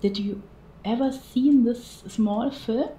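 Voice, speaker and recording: A German woman from Bavaria with a German accent, chatting in halting, simple English. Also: on the high side, mellow. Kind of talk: casual chat. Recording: echoey room.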